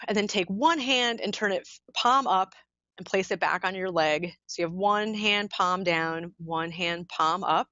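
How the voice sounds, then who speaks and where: Woman workshop leader, guided mindfulness, calm and unhurried, mid pitch, dry dull lo-fi mic. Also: dry recording. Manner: calm, slow guided instructions with soft pauses.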